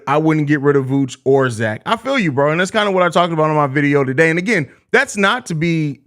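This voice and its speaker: A young man with a high-pitched voice hosts a live postgame stream in loose, casual chat. He laughs easily but turns profane and repetitive when he roasts someone. His delivery is blunt and heated. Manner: profane, heated trash talk at a chatter; repeats himself, laughs often. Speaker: host of a live postgame show.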